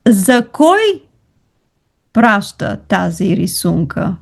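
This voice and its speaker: A woman's voice: medium pitch, sing-song, takes it slowly, gravelly. A woman teaching a language lesson over a video call, patient and encouraging, switching between languages. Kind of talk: online tutoring lesson.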